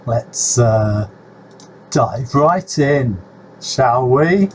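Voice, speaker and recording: A man's voice: mid-range voice, animated, extremely slow, background noise. A man hosting a reaction video, talking casually to his viewers in a rambling, hesitant way with lots of fillers and some mock hypnotist patter. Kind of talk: casual talk to camera.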